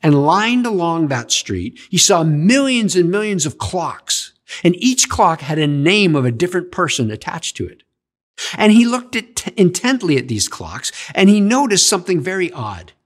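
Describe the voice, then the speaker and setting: A man preaching a sermon in an animated way, asking his listeners questions as he goes. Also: high voice, moderate pace. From Canada. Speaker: pastor.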